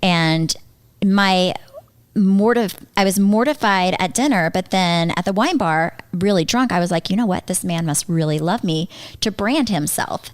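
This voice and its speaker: Animated woman telling a story, dry mic. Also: lowish voice, a little slow, no room sound. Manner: animated, laughing storyteller, self-mocking. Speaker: podcast host. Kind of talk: casual storytelling chat.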